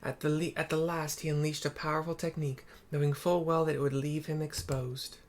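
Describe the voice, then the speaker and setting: A man's voice: a little high, level tone, lightly acted. A man reading a grieving ancient phoenix woman. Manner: solemn, measured storytelling.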